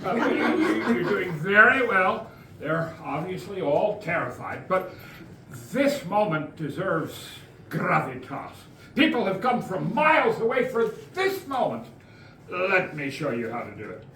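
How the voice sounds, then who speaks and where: A man's voice: big pitch swings, sharp tone, full character voice. A man playing a pompous gleeful executioner. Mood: scolding. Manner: booming proclamations, slow dramatic delivery. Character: pompous male town executioner, gleeful and theatrical. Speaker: tour actor playing the executioner. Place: outdoor stage on a ghost tour. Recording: echoey, distant, some noise.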